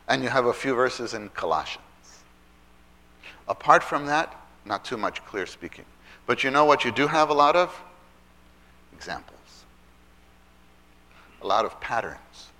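A man's voice: mid-range voice, sharp tone. A man teaching from the Bible in a conversational way, asking the audience questions and acting out the characters' lines as he tells the stories.

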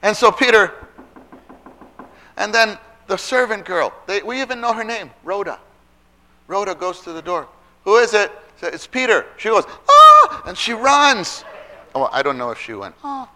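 A man's voice: high-pitched, big pitch swings, normal speed, long pauses, pushed and bright. A man teaching from the Bible in a conversational way, asking the audience questions and acting out the characters' lines as he tells the stories.

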